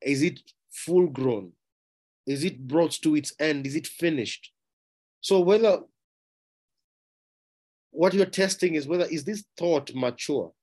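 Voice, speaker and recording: A man's voice: slow pace, long pauses, slightly rough. A man preaching a sermon, emphatic, asking rhetorical questions and repeating key phrases. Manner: rising in pitch and loudness on key words.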